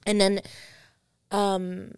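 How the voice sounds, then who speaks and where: A woman's voice: mid-range voice, completely flat delivery, extremely slow, clean tone, dry recording, clean studio sound. A young woman, a podcast guest, telling stories in a rambling casual chat, full of restarts. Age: young adult.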